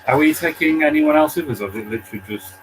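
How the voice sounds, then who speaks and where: A man's voice: fairly high pitch, very fast, slight background noise, rough recording. A man playing a tabletop game, casual, asking lots of questions. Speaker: player.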